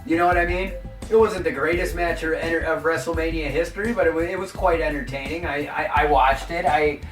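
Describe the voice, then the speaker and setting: A man's voice: a little high, steady tone, fairly quick, fairly bright tone, distant mic. A man in his forties rambles casually and swears freely as the host of his own show. He sits well back from the mic in an echoey room. Faint music runs underneath. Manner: rambling, profane, conversational. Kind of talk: casual wrestling talk.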